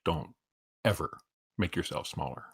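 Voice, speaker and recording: A man in his fifties, a stream co-host, telling a story in casual chat, animated and full of swearing. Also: low voice, moderate pace, husky.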